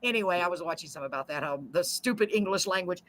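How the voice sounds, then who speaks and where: Bright-voiced Texan woman hosting. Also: on the low side, lively intonation, very fast. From Central Texas. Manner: chatty, laughs often, reads viewer comments aloud. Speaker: host of a live online show. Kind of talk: casual live-stream chat.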